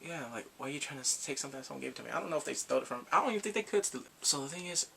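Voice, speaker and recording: A man giving a casual, animated recap of drama episodes, laughing and acting out the characters' lines. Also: a little high, racing, vocal fry, a little hiss or hum. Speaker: drama reviewer.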